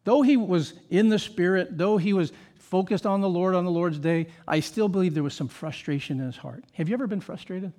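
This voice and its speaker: A man's voice: high-pitched, fairly quick, hardly any pauses, a little mellow. A male pastor preaching a sermon with emphatic delivery, rhetorical questions and casual asides to the congregation.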